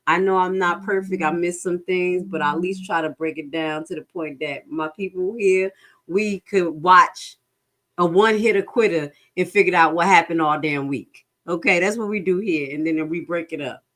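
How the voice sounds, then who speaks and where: A woman casually commenting live as she reads through a lawsuit, frank and animated, speaking straight to her viewers and swearing freely. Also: moderate pace. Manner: animated, swings into high-pitched laughing outbursts and back to low reading.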